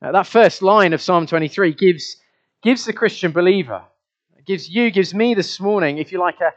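A man preaching a sermon, talking to the congregation in a chatty way and often putting questions to them. His voice sits a little high for a man. The recording sounds dull and lo-fi. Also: moderate pace. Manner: conversational, asks the congregation questions, repeats words.

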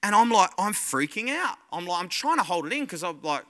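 A man preaching as a guest pastor, telling a lively personal story and acting out his own fear and excitement. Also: high voice, brisk. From Australia. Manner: animated storytelling, acts out his own panic and joy.

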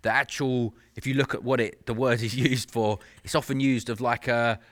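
A man's voice: medium pitch, fairly even intonation, normal speed, a bit bright. A man preaching a sermon in an earnest, conversational way, with self-mocking asides.

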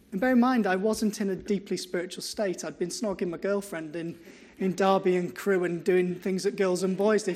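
A middle-aged man, a pastor preaching a sermon in an earnest, storytelling way that builds to slow, emphatic lines. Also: high voice, darkish tone.

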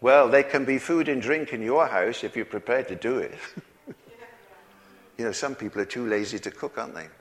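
A man's voice: mid-range voice, normal speed. A man preaching a sermon in a folksy way, chuckling often and asking the congregation questions. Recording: long hall reverb.

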